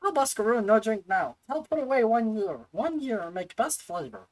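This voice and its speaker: A woman's voice: on the high side, expressive, normal speed, darkish tone, close to an everyday voice, low-quality recording. A woman voicing a small gremlin-like shopkeeper who talks in broken, simple phrases about himself in third person. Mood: eager. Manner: broken caveman-style speech, third person.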